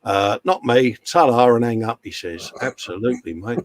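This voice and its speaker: A man's voice: mid-range voice, normal speed. A man co-hosting a live stream, chatting casually and joking as he reads out viewer comments. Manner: jokey, banter-filled, reads chat messages aloud. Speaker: co-host of a live model-building stream.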